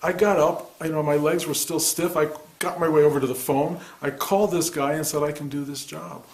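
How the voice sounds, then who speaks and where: A man in his sixties, a meditation teacher, giving a soft-spoken, reflective spiritual talk in answer to a student. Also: on the high side, steady tone, fairly quick. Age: 60s. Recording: echoey room.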